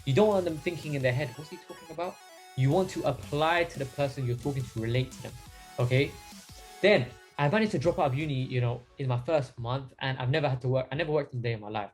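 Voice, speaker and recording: A young man coaching his team in a casual, energetic training talk, with many fillers along the way. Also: mid-range voice, fast talker, husky, faint music behind. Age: young adult. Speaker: sales mentor.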